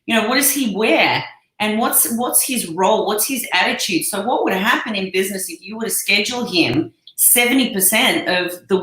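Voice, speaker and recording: An Australian woman talks as an interview guest, enthusiastic and emphatic. Her voice is bright and forceful. She is recorded in an echoey room. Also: mid-range voice. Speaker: guest, life coach. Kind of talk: interview conversation.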